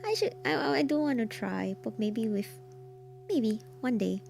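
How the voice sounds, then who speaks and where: Hoarse, expressive woman streamer. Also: on the high side, background noise. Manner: expressive, quick to laugh, repeated exclamations. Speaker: streamer hosting a story night. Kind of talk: casual livestream chat reacting to horror stories. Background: soft ambient music.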